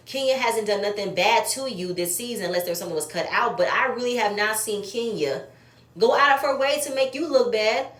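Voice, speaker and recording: A woman's voice: on the high side, a bit bright. A woman giving blunt, profane, opinionated commentary while she reviews a reality show episode. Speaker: reality TV recap host. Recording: echoey room.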